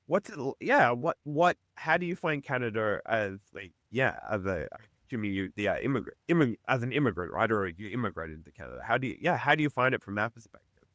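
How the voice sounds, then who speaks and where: A man's voice: mid-range voice, expressive, fairly quick, fairly bright tone, no echo, studio quality. A man, a podcast guest chatting casually with an enthusiastic, reflective manner. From Australia. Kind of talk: casual chat.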